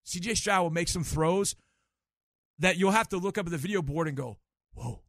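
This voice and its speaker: Emphatic middle-aged male sports radio host, high and bright, dry close studio sound. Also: fairly quick, dry recording. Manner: animated, emphatic, explains with examples. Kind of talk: sports talk radio call-in show. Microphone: studio microphone.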